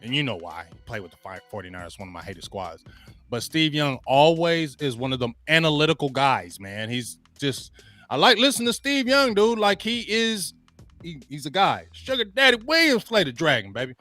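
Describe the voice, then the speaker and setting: A man on a sports talk show, riled up and ranting in a tense, bright voice. He speaks somewhat high, loops his phrases and leans on slang. Faint music plays behind him. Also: very animated, normal speed, no echo. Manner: hyped, repetitive, slangy, chant-like calls. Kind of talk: excitable sports talk rant.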